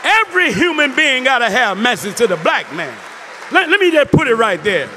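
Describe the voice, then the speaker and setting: A man, a minister giving a testimony sermon, who rises from storytelling into shouted preaching with quick asides to the audience. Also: very high-pitched, sing-song, slight background noise. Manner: preaching, rising to shouts, call-and-response asides. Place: large hall before an audience. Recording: live hall with reverb, crowd behind.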